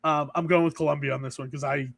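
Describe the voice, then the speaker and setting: A man co-hosts a casual podcast, talking in long rambling runs that stop and restart. His voice sits high for a man, and it is recorded dry and close with no room sound. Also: fairly even intonation, fast talker, creaky, a bit bright, no room sound. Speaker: podcast co-host. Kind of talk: casual chat.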